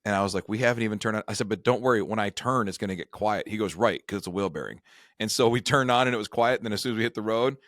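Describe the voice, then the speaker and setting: A middle-aged man with a fairly low voice tells a rambling, self-deprecating story in easy conversation. He hosts a retirement advice show. The sound is dry and close. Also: rapid-fire, a bit bright, no room sound. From Michigan. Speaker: retirement advisor and show host. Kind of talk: casual storytelling chat.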